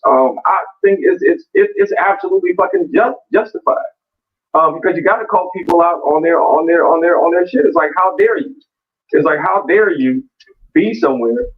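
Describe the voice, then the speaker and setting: A man debates in a blunt, cursing torrent, stumbling over restarts and fillers. His voice sits a little high and sounds distant. The call audio is muffled and dull. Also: lively intonation, a little fast. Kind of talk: heated online debate.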